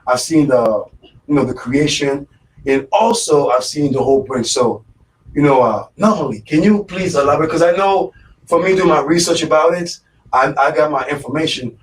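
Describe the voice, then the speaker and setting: A man's voice: a little high, normal speed, slight background noise. Give me a chatty male radio host, full of fillers, recorded from a distance in a studio. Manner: rambling, with many fillers and repeated words. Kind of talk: casual live radio talk.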